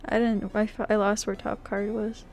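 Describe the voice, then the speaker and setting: A young woman streaming live, chatting casually with her viewers, playful and laughing, swinging between loud outbursts and quiet mumbling. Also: medium pitch, flat delivery, moderate pace, a little hiss or hum. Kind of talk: casual live-stream chat while playing games.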